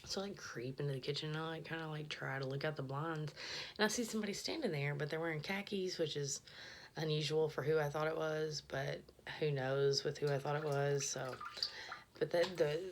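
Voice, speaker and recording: Low-voiced woman telling a rambling story. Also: normal speed, creaky, a little hiss or hum. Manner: profane, rambling, drops to a whisper when retelling. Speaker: podcast host. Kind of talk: casual storytelling.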